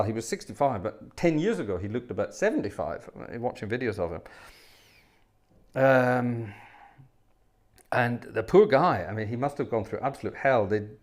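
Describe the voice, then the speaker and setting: A livestream host and organist tells rambling personal anecdotes in casual storytelling, full of fillers and wry, self-deprecating humour. His mid-range voice is sing-song and a little mellow, at normal speed.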